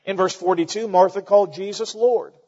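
A man preaching a sermon as pastor, earnest and halting, with many fillers and restarts. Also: high-pitched, steady tone, mellow, slightly rough. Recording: dull sound with long hall reverb.

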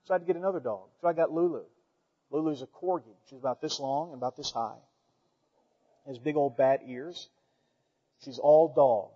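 Man, pastor, folksy animated sermon, fairly high voice, dull recording. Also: moderate pace, long pauses, slightly rough. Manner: folksy, animated preaching with dramatic swings in volume. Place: church sanctuary. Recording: dull sound with long hall reverb.

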